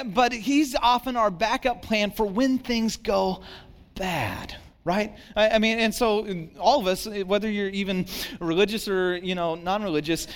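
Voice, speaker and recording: A man's voice: high-pitched, a bit bright. A man, a pastor, giving a conversational sermon, self-deprecating and acting out the voices of worried people.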